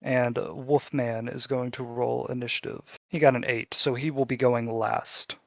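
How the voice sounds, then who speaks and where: A man's voice: mid-range voice, fairly even intonation, unhurried, creaky, no room sound, clean studio sound. A man running a tabletop game as game master, narrating in a casual style and swearing freely.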